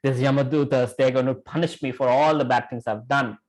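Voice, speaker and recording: A man's voice: medium pitch, fairly even intonation, a little fast, lightly acted. A man voicing a terrified old male sinner on his deathbed, crying out and pleading.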